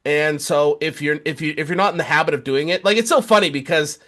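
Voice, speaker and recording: A man's voice: fairly high pitch, fast talker, fairly bright tone. A man co-hosting a casual podcast, telling rambling stories with stammered restarts and sarcastic jokes. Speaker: podcast co-host.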